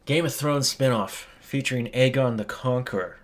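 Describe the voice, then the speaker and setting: A man co-hosting a podcast in casual chat, passing on news in a wry, deadpan way. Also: mid-range voice, moderate pace. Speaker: podcast co-host.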